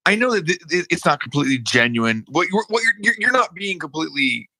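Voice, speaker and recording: A man co-hosting a casual podcast conversation, animated and halting, with many restarts. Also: a little high, no room sound, poor audio. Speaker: co-host.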